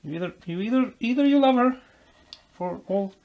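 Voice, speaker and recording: A man's voice: very high voice, animated, moderate pace, narrow, tinny audio. A man vlogging as he builds a guitar, explaining while he works, rambling and making self-deprecating jokes. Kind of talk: casual workshop tutorial chat.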